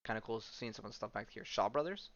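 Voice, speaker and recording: A man's voice: on the low side, animated, fast talker, a bit bright, no echo, lo-fi sound. A man hosting a podcast and streaming, giving casual commentary while he plays a video game. He rambles, full of "um" and slangy asides.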